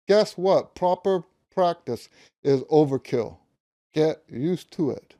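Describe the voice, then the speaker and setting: A man's voice: high voice, unhurried, dark tone. A man in his fifties teaching a practice method, stressing key words and humming notes as he explains. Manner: emphatic, repeats key words, hums note syllables. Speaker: music teacher. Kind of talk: instructional talk to camera.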